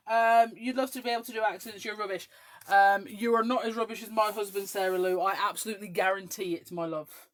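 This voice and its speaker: A woman's voice: medium pitch, fairly even intonation, a little fast. Chatty woman with a faint Scottish twang. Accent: English, with a faint west of Scotland twang. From west coast of Scotland. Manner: chatty, rambling, with frequent ums. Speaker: craft show host. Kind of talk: casual chat while crafting.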